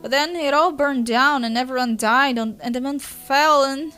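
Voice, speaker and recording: A woman's voice: sits high, moderate pace, pushed and bright, faint music behind. A woman with a Brazilian Portuguese first language voicing a weepy teenage girl sprite who breaks into sobbing boo-hoo cries.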